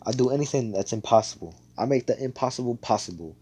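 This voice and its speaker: A man voicing a brash, loud young male hero who brags and swears as he tells a fan story. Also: medium pitch, fast, a little hiss or hum, voice pushed up, close to an everyday voice. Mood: excited. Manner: excited, boastful, swearing.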